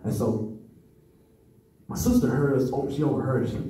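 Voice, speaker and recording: A man's voice: medium pitch, normal speed, pauses often, warm tone. A man in his thirties giving a personal testimony at a conference, telling his story conversationally and often checking in with the audience. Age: 30s. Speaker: conference speaker. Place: meeting room at a men's conference. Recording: echoey room, mic far off.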